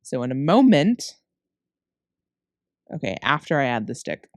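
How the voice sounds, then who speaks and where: Her voice is a rumbling low, a little slow and a little mellow, yet very animated, recorded on a close mic with clean studio sound and no room sound. She narrates her cookie decorating tutorial in a casual, wandering way, self-correcting often. Tired from a late-night session, she laughs at her own slip-ups.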